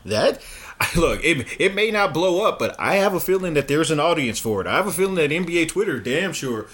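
A man's voice: on the high side, very animated, brisk, a bit bright. A man, co-hosting a casual sports podcast, talking with lots of laughs and stammering restarts. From United States. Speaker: podcast co-host.

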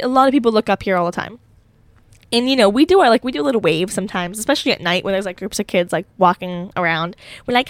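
A woman's voice: medium pitch, no echo. A young woman hosting a solo podcast from her college dorm room, telling a rambling, giggly story full of fillers. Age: young adult. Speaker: podcast host.

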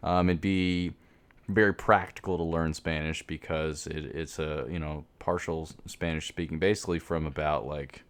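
Deep-voiced man, rambling podcast co-host. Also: fairly even intonation, normal speed, smooth. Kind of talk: casual chat.

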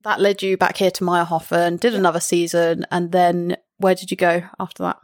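A woman's voice: fairly low pitch, little pitch movement, brisk, no room sound. A woman hosts a casual interview. She keeps to brief encouraging prompts and follow-up questions. Her voice sounds dry and close.

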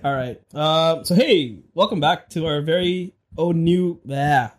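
A young man with a notably high voice co-hosts a casual podcast. He tells stories about home life and keeps breaking into giggles. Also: unhurried. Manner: giggly, storytelling, laughs often. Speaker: podcast co-host. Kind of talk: casual chat.

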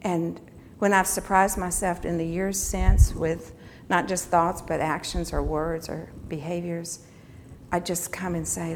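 A woman's voice: lowish voice, flat delivery, a little slow, slight background noise. A woman giving a sermon, telling a personal story in an earnest, reflective way. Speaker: teacher giving a devotional talk.

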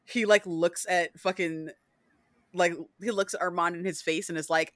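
A woman hosting a podcast in casual chat, animated, with many fillers, acting out scenes as she talks. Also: on the low side, moderate pace, dry recording, clean studio sound. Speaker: podcast host.

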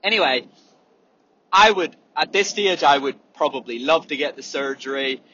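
A runner talks straight to camera in a casual, sweary monologue, now and then acting out gasps and wheezes. His voice sits a little high and sounds bright and forceful. The recording is slightly dull, with faint room ambience underneath. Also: lively intonation, normal speed, slight background noise. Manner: candid, swears freely, demonstrates breathing sounds.

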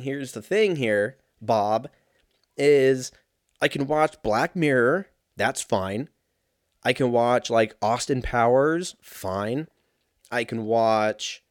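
A man's voice: medium pitch, no echo, clean studio sound. A man in his thirties talking in a casual, meandering way, swearing often and poking fun at himself. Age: 30s. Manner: profane, meandering, self-mocking. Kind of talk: casual rambling monologue.

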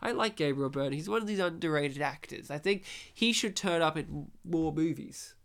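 A man's voice: fairly high pitch, moderate pace, a bit bright. Male podcast co-host, opinionated and jokey, watching a film along. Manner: joking, opinionated, does silly voices. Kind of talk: casual movie commentary chat.

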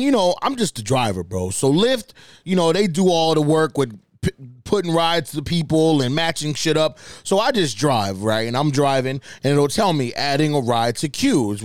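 Young guy podcast host ranting about his rideshare stories, kinda high voice, swearing a lot, dry close sound. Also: no room sound. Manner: profane, animated, swings pitch up when outraged. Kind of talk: casual comedic storytelling.

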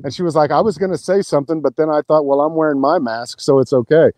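Mellow-voiced man telling a rambling story. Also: on the high side, quick pace, no echo. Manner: rambling, restarts, profane, animated retelling. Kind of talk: casual chat, storytelling.

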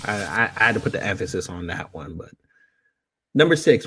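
A man's voice: lowish voice, sing-song, a little fast, long pauses, a bit bright, breathy edge. Joking man hosting a loose chat. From New York. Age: 30s. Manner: loose, joking, with teasing asides. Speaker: podcast host. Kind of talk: casual chat, reading from a book.

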